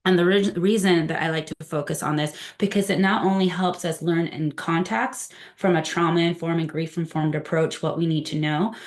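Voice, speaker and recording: A woman trainer giving a conversational presentation to a room, often asking the group questions. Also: lowish voice.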